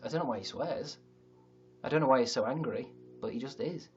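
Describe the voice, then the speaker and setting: A man's voice: mid-range voice, brisk, slightly rough, dull audio, faint music behind. A man hosting a comedic livestream, rambling, joking and swearing freely. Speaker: livestream host. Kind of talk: casual comedic livestream chat.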